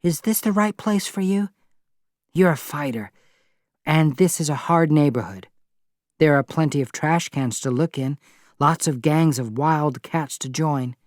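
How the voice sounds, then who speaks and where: A woman reader voicing an impulsive, fragile young woman, raising her voice high and pleading in an audiobook. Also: measured pace, darkish tone, dry recording, clean studio sound. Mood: coaxing. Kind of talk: audiobook reading.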